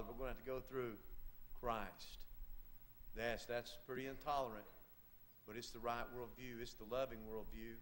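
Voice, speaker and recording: A man preaching a sermon, emphatic and repetitive, with halting asides. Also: medium pitch, fairly bright tone, slight background noise.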